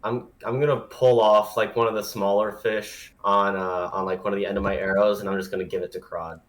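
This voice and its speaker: A man playing a tabletop game, describing his moves in a halting, stammering way. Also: fairly low pitch, flat delivery, slight background noise. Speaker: player. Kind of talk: casual tabletop play.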